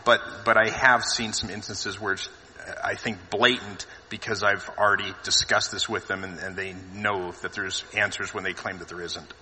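Man, low-pitched, very bright tone, hesitant restarts, casual discussion, reverberant room. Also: little pitch movement, moderate pace, a little hiss or hum. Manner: hesitant, repeats words while thinking.

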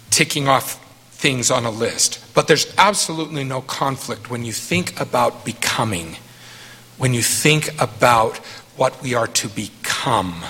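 A middle-aged man answering questions after a talk, earnest and emphatic, weighing his words in slow deliberate phrases. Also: medium pitch, sharp tone, husky, long reverb tail.

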